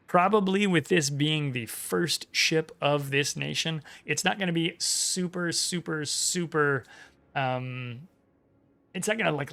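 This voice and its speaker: A man's voice: medium pitch, creaky, bright, forceful tone. A man hosting a casual gaming news stream, reading articles aloud and rambling with many fillers and restarts. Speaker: gaming channel host.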